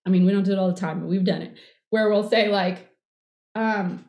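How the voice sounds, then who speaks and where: A middle-aged woman in casual conversation, rambling and warm, with many fillers. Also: mid-range voice, fairly even intonation, a little fast. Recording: echoey room.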